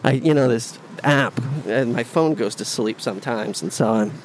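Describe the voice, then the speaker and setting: A mid-range male voice at normal speed rambles casually while he walks to work, stumbling through fillers and restarts. He's using a phone recording app on a city street, so there's slight background noise and faint street ambience.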